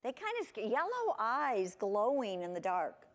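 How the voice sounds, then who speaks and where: A woman giving a lively conference talk to teachers, asking her audience lots of questions. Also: a little high, unhurried. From United States. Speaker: conference presenter. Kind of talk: lecture to teachers. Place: conference hall.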